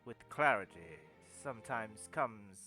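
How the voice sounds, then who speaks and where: A man playing a grave, welcoming tribal chieftain who speaks slowly and solemnly with a faint put-on Russian lilt. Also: lowish voice, lively intonation, pushed and bright, faint music behind. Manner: slow, solemn speech with vaguely Russian lilt.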